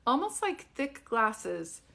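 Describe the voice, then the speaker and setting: Chatty, higher-voiced middle-aged woman medium. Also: sing-song, slow, vocal fry, bright, forceful tone. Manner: chatty, laughing, many fillers and questions. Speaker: psychic medium. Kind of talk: live-stream reading.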